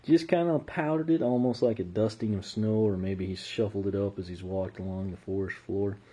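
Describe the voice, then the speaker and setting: A man with an American accent, reviewing a toy in casual unboxing commentary, relaxed and rambling, and losing his voice. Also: fairly low pitch, normal speed, breathy edge. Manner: relaxed and rambling, with frequent uh fillers.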